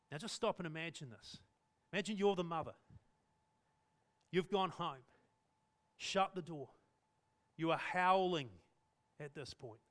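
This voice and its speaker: A male pastor preaching in church, telling the story animatedly and acting out the scenes. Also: on the high side. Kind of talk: sermon.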